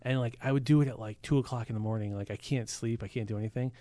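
A man's voice: mid-range voice, fairly even intonation, quick pace, warm tone, dry recording. A young man, co-hosting a casual podcast, rambling and swearing as he talks. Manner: rambling, profane, self-deprecating. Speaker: podcast co-host.

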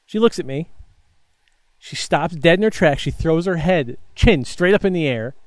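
A man telling a story in casual chat, animated and profane, acting out the people he quotes and laughing often. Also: a little high, normal speed, no room sound. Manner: animated, swears freely, acts out quotes, laughs a lot. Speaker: podcast co-host telling a story.

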